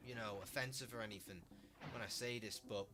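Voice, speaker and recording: A man's voice: fairly low pitch, fairly even intonation, a little fast, over music. A Liverpool man in his late teens with a Scouse accent, telling rambling, sweary stories while live streaming. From Liverpool, England. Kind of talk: casual live-stream chat.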